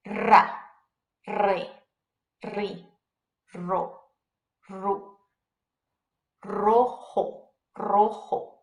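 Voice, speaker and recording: Slow, patient woman teaching pronunciation. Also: a little high. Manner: slow, drilled syllables with repeated example words. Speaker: Spanish teacher. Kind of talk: beginner pronunciation lesson. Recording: echoey room.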